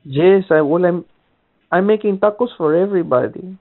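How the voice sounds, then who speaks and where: A man's voice: high voice, moderate pace, dry recording. A man making a prank call, belligerent and swearing, speaking broken English over a tinny phone line. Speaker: prank caller.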